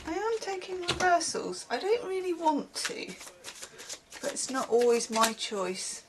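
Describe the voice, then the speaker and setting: A woman giving a casual, rambling tarot reading, chatting with animated asides. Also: very high-pitched, a little slow, background noise. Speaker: tarot reader.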